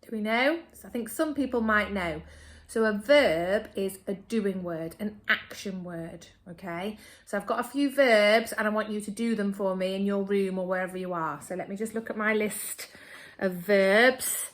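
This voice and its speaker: An English woman teaching a remote phonics lesson to young children, upbeat and slow, stretching key words. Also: mid-range voice. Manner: upbeat, slow and exaggerated for children, my turn your turn. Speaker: primary school teacher.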